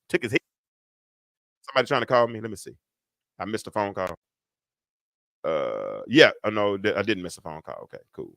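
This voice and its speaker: Animated, bright-voiced man preaching. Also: medium pitch, fast, dry recording, studio quality. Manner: emphatic, repetitive preaching cadence. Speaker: preacher and show host. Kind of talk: livestreamed sermon.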